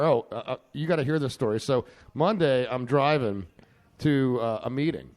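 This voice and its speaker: A man hosting a loose podcast chat, joking around and spinning anecdotes between laughs. His voice sits in an ordinary middle pitch. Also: normal speed, darkish tone. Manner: storytelling, joking, laughs often. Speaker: podcast host. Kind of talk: casual chat.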